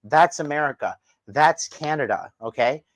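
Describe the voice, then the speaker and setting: A man's voice: on the high side, normal speed, dry recording. A man hosting a livestream, ranting bluntly and profanely while reading the chat. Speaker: dating coach and livestream host. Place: indoors in Japan.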